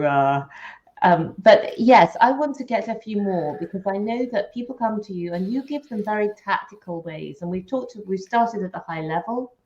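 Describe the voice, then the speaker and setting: A woman's voice: fairly low pitch, darkish tone, lo-fi sound. A woman co-hosting a podcast interview, chatty and often restarting her sentences. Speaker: podcast co-host. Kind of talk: interview conversation.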